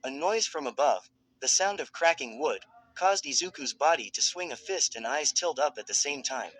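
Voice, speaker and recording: A man narrating a fan fiction story in a steady, dramatic storytelling manner. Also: on the high side, moderate pace, rough recording.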